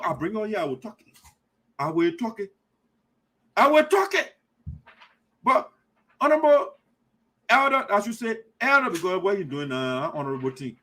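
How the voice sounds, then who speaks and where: A man's voice: high-pitched, big pitch swings, normal speed, sharp tone. A man hosting a heated, preachy commentary show, repeating himself and accusing people. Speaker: community radio commentator.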